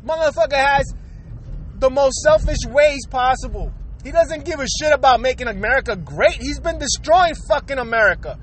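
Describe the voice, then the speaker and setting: A man's voice: very high voice, expressive, normal speed, a bit bright, slight background noise, low-quality recording. An angry man in a profane, streetwise political rant, cursing hard and talking straight to the viewer.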